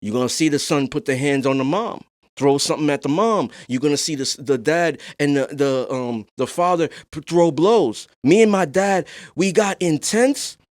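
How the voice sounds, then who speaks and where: A young adult man hosting a podcast, talking in a casual discussion, soft-spoken and calm but rising to animated emphasis. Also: fairly high pitch, normal speed, no room sound, clean studio sound. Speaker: podcast host.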